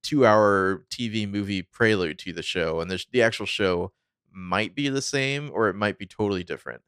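A podcast co-host with a lowish, clear and resonant voice chats casually at a moderate pace, rambling and animatedly quoting characters as he acts them out. The studio sound is clean, with no echo.

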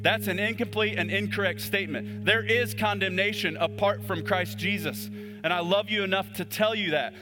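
A pastor delivering a sermon in a church, moving from quick urgent lines to slow hushed emphasis. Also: male voice, high voice, over music. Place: church sanctuary.

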